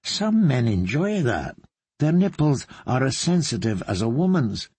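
Guy doing a creepy polite torturer, soft and slow, husky, dry mic. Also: mid-range voice, sing-song, dry recording. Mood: sinister. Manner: gentle, solicitous, quietly menacing. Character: soft-spoken, sinister older male torturer.

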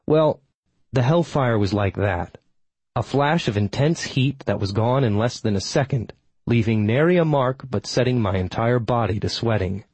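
Husky-voiced man narrating wryly. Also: medium pitch, darkish tone, dry recording, poor audio. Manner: wry, sardonic storytelling. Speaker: audiobook narrator. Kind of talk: first-person fantasy audiobook narration.

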